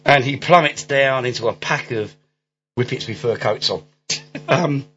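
In a casual movie-recap chat, a podcast host recounts the plot with rambling, laughter, ums and restarts. His mid-range voice comes at a measured pace, pushed and bright. The recording is dull lo-fi with faint music.

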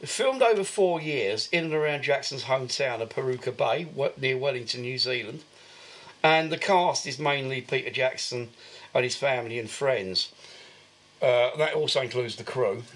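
A man's voice: mid-range voice, normal speed, a bit bright. A man co-hosting a podcast, giving a rambling, filler-heavy recap of a film in casual chat. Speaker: podcast co-host.

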